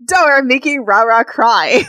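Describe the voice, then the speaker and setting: A woman's voice: a little high, animated, a little slow, bright, forceful tone, smooth, no echo. A woman co-hosting a podcast, teasing her partner and laughing often in casual chat. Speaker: podcast co-host and editor.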